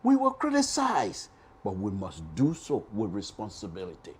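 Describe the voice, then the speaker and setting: A man's voice: fairly low pitch, wildly swooping pitch, normal speed, slightly rough. A middle-aged man with a Liberian accent hosting a radio talk show, who repeats his phrases for emphasis and keeps calling his listeners folks.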